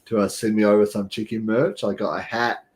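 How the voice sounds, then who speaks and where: A man's voice: on the low side, level tone, a little fast, a little mellow. A man hosting a podcast, chatting casually and laughing often. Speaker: podcast host. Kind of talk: casual chat.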